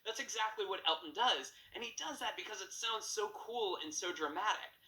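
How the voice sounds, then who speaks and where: Bright, ringing male vocal coach. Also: high voice, expressive, moderate pace, reverberant, poor audio. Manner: explanatory, breaks into sung demonstrations. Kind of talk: singing lesson.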